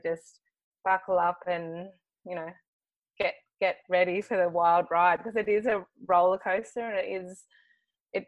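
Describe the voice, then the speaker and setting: A woman's voice: lowish voice, no room sound. A woman with an Australian accent, a hair colorist chatting as a guest on a podcast in an upbeat, talkative way. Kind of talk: casual podcast interview.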